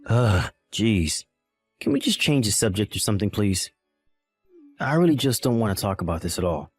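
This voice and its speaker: A man's voice: lowish voice, very animated, normal speed, husky, no echo, faint music behind, exaggerated voice. A man playing a callous young husband in a dramatized text-message story, exasperated and blaming. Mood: dismissive.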